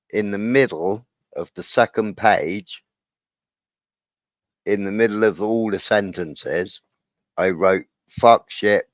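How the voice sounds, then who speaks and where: A man's voice: deep voice, dry recording. A middle-aged man, telling a school anecdote in casual stream chat and acting out the dialogue. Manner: animated anecdote-telling, acts out quoted dialogue. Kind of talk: casual storytelling on a livestream. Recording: dull lo-fi sound.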